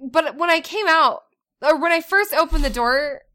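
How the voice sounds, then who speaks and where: Thirties woman co-host, high and bright, animated storyteller in casual chat. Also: moderate pace. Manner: animated storytelling, acting out voices. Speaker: podcast co-host.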